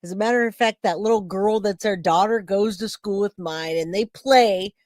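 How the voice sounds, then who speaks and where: A middle-aged woman hosting a true crime livestream, chatting casually and telling a story with lively acted-out quotes. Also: medium pitch, normal speed, no room sound, studio quality. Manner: chatty, animated storytelling, acts out quoted voices.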